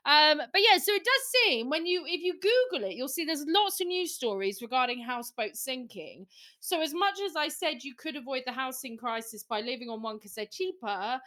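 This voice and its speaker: A woman's voice: high voice, animated, normal speed, sharp tone. A woman chatting casually on a podcast, playful and teasing, acting out other people's voices. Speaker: co-host.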